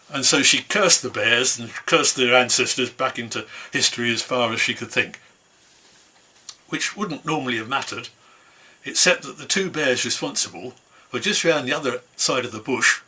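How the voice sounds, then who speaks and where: A man's voice: mid-range voice, sharp tone, slightly rough. A man telling a traditional folk tale in an easygoing, conversational way, from an online concert. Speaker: storyteller.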